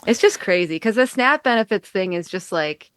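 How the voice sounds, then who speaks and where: A woman's voice: mid-range voice, lively intonation, normal speed, dry recording. A woman musician, a guest in a casual podcast chat, talking in a rambling way and filling her sentences with "like". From United States. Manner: rambling, heavy use of "like". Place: home in upstate New York.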